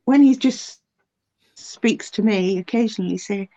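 Older woman, interview guest, earnest testimony; mellow tone, slightly muffled recording. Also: mid-range voice, measured pace. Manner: earnest, emotional storytelling with many restarts. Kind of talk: personal faith testimony.

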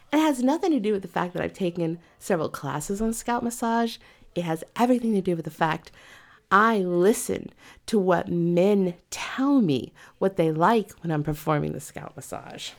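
A massage therapist with a mid-range voice tells a work story at a moderate pace. She's casual and animated, acting out both sides of the exchange.

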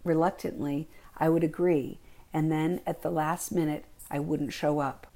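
A woman reading her own memoir aloud in a calm, reflective first-person narration. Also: low-pitched, normal speed.

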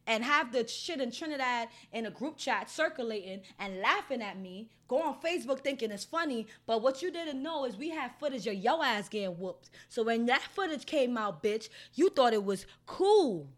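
A woman's voice: fairly high pitch, animated, normal speed, hardly any pauses. A woman telling her own story casually, in a blunt, heated and heavily profane way. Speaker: storyteller recounting an assault.

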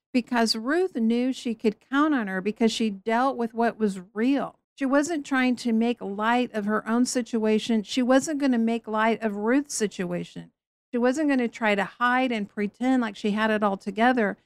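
A woman teaching on a Bible story in a lively way, acting out the voices she quotes. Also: fairly high pitch, dry recording.

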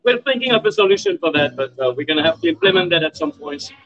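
A man from France who owns a bar, talking as a guest in a casual interview in a halting way with many fillers. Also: fairly high pitch, lively intonation, a bit bright. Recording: slightly dull lo-fi sound.

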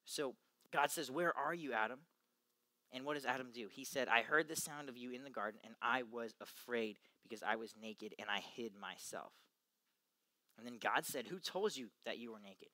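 A young man giving an earnest, emphatic youth talk to junior high boys, acting out the quotes he gives. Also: bright, forceful tone, no room sound. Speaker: youth ministry speaker.

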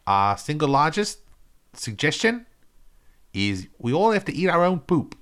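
A man's voice: sing-song, measured pace. A man putting on a New Zealand accent to play a pompous presenter who insists he is Australian. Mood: mock-serious. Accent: put-on New Zealand. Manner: high-pitched mock presenter, loud.

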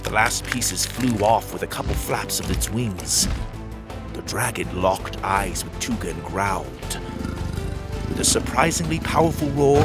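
A man narrating a children's audio story, with expressive storytelling. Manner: expressive storytelling with lively pitch.

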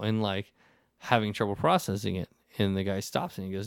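A man with a fairly low voice, talking in a loose, rambling way that is full of restarts. He acts out the people in his anecdotes as he goes. The sound is dry and close, with no room around it. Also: fairly quick, gravelly, clear, resonant tone, no echo. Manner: rambling, animated storytelling with many restarts. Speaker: podcast host. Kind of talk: casual conversation.

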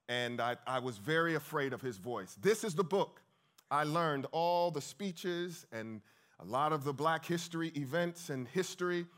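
A man in his fifties telling a dramatic story at a church event, swinging between hushed and loud. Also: medium pitch. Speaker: speaker and singer at a church event. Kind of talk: storytelling talk with sung spiritual.

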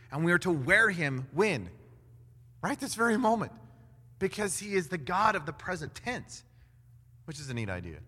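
A man preaching a sermon in an animated way, acting out quoted voices with big swings in loudness. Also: fairly high pitch, slightly rough. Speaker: pastor. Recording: long hall reverb.

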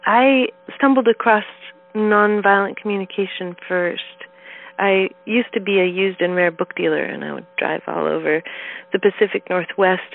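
Brief: female interview guest, lively anecdotal delivery, heard over a narrow phone line. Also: lowish voice, gravelly. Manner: animated storytelling, acts out quoted voices. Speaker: guest, neuroscience educator. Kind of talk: conversational interview.

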